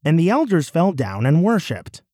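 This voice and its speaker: A man reads scripture aloud in measured, solemn, declamatory phrases. His pitch swings lively across each line, and the sound is dry and close. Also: dry recording. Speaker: scripture reader. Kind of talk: dramatic scripture reading.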